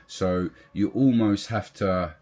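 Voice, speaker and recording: A man hosts a podcast interview with a very deep, low voice. He asks follow-up questions in a supportive way and keeps agreeing with short, quick responses. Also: darkish tone. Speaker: podcast host. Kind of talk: interview conversation.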